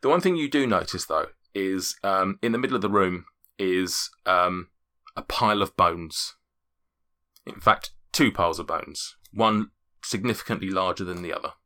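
A man's voice: low-pitched, bright, forceful tone. A man narrating a tabletop game as game master, often stumbling and restarting. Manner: halting, many restarts.

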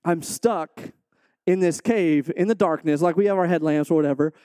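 A man speaking as a missionary to a supporting church, preaching earnestly and then telling a personal story with animated, acted-out quotes. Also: fairly high pitch, normal speed, clean tone, no echo.

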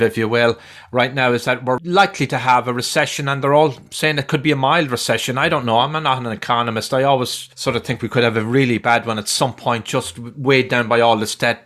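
A man's voice: medium pitch, fairly bright tone. Man, podcast host, casual interview, reactive. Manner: reactive, lots of "oh" and "yeah".

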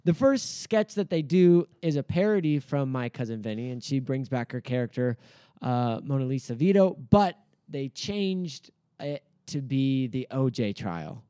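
A man's voice: mid-range voice, animated, measured pace, warm tone, clean tone, no echo, studio quality. A man co-hosting a podcast in casual chat, rambling with lots of fillers as he recaps comedy sketches in an amused way. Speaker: podcast co-host.

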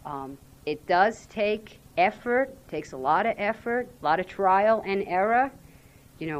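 A woman giving a frank, earnest personal share at a recovery fellowship weekend, talking candidly about her struggles. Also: medium pitch. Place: weekend retreat venue.

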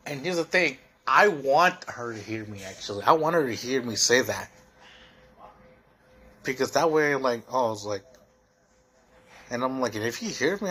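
A man's voice: mid-range voice, sharp tone, breathy edge. A young man hosting a solo podcast, venting in a heated, profane, rambling way full of fillers. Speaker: podcast host.

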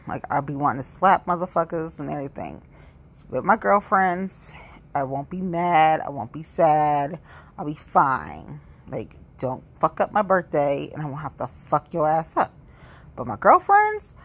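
A woman's voice: sits low, a bit bright, slightly rough. A woman in her forties giving a rambling, blunt and profane monologue to camera. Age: 40s. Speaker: vlogger. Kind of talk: candid monologue.

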